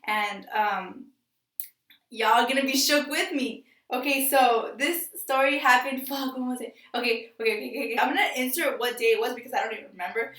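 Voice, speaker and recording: A young adult woman with a high, bright voice tells a rambling, slangy storytime, full of fillers and excited asides. She sits a little back from the microphone in an echoey room. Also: fairly quick. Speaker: vlogger. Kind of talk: casual storytime vlog. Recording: echoey room, distant mic.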